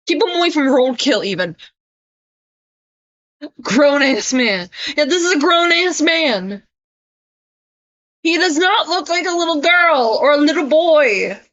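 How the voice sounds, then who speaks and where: Sarcastic, blunt woman streamer with a high voice and unhurried delivery, recorded on a dry, dull mic. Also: lively intonation, fairly bright tone. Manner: sarcastic, blunt, swears freely. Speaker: streamer reacting to a video. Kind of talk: casual reaction stream commentary.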